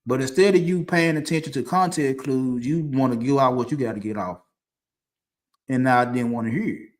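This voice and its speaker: A man at a mid-pitched level talks in a relaxed, unscripted way, circling back and restarting his sentences as he goes. He speaks to camera from a dim room at home, telling his story as it comes to him. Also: normal speed. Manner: loose, conversational, with frequent restarts and laughs. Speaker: podcast host. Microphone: streaming setup mic.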